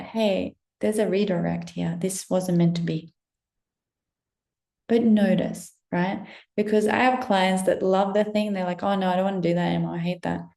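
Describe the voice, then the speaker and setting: A woman's voice: medium pitch, gravelly, warm tone, reverberant. A woman coach giving a casual motivational pep talk, full of encouraging rhetorical questions and the odd swear word. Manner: casual, swears now and then.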